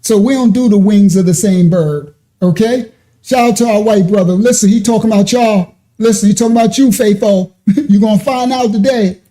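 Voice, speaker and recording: A man's voice: high voice, moderate pace, dark tone. A man hosting a ministry channel, reacting to a clip and talking straight to commenters, laughing often.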